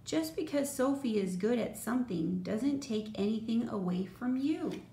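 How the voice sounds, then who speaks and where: A woman voicing a gentle, patient mother in a storybook, speaking softly and reassuringly. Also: on the high side, animated, normal speed, creaky. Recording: roomy echo, faint noise.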